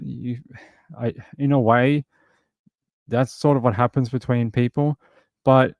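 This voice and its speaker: Brief: male live stream host, conversational, reads chat, dry close mic, mid pitch. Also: darkish tone, dry recording. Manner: chatty, reads viewer comments aloud.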